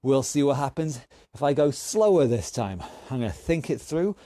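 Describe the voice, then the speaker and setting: A man's voice: medium pitch, very animated, normal speed, mellow, no room sound. A man leading an online workout class as fitness instructor, counting down and calling out moves while exercising along. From United Kingdom. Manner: counts down and cues exercises while working out himself.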